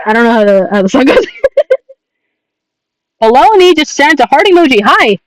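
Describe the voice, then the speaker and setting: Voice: high voice, sing-song, moderate pace, pauses often, no room sound, low-quality recording. A young adult artist chatting casually on a livestream while drawing, rambling, laughing often and swearing.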